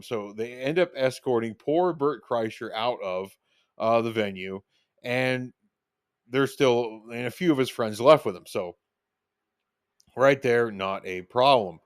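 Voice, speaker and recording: A man's voice: medium pitch, clear, resonant tone, dry recording. Rambling storyteller man, dry close sound. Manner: rambling, filler-heavy, reenacts his own lines. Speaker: podcast host telling stories. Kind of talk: casual storytelling monologue.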